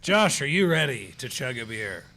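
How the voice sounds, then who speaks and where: A man co-hosting a comedy podcast, tossing in quick questions. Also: medium pitch, very animated, vocal fry, bright, forceful tone. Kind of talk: casual podcast banter.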